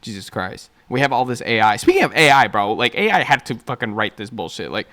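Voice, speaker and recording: A man's voice: mid-range voice, sing-song, fairly quick, hardly any pauses, fairly bright tone. Man ranting, swearing constantly. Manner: heavy swearing, lots of "bro" and "like". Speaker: online commentator. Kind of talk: profane ranting review.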